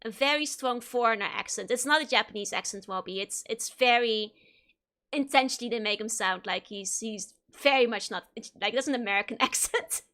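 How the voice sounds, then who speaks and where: A woman's voice: on the high side, fairly quick, pushed and bright. A woman streaming a game, chatting casually, greeting viewers and giggling often between remarks. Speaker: VTuber streamer. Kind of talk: casual let's-play commentary.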